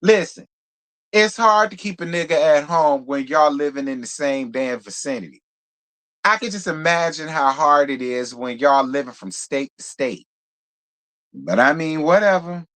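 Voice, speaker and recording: A man hosting a live reality TV review in casual commentary, sassy and blunt, with profane, animated asides. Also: fairly high pitch, normal speed.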